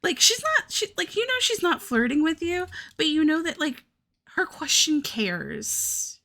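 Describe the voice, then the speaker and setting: A bright, lively young woman from the American South chats with her stream viewers in an easy, rambling way. Her pitch is on the high side and jumps around a lot, and she swears freely. Her talk is packed with "like". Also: measured pace. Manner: chatty, heavy "like" filler, swears freely. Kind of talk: casual chat with chat.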